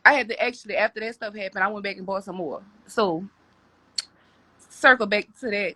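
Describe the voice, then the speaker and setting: Bright rambling woman telling her story. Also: medium pitch, brisk, dry recording. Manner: rambling, frequent restarts and repeated words. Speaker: podcast guest. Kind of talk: candid personal storytelling.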